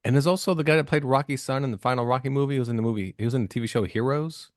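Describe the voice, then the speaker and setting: A man's voice: medium pitch, very fast, dry recording, clean studio sound. A man hosting a podcast in casual chat, joking and rambling loosely. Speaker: podcast host.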